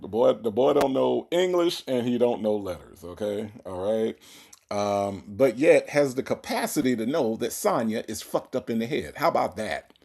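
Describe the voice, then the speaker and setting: A man's voice: medium pitch, expressive, moderate pace, gravelly, a little mellow. A man hosting a reaction commentary show, mocking and teasing as he spells out words again and again. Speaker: host.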